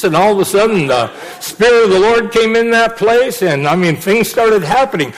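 Middle-aged guy preaching, kinda high voice, keeps repeating stuff for emphasis. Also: lively intonation, brisk, creaky, hardly any pauses, poor audio. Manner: emphatic, repeats phrases for stress. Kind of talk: sermon.

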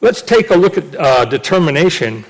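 A man's voice: fairly high pitch, very animated, moderate pace, low-quality recording. A middle-aged man preaching a sermon, emphatic and repeating phrases for stress.

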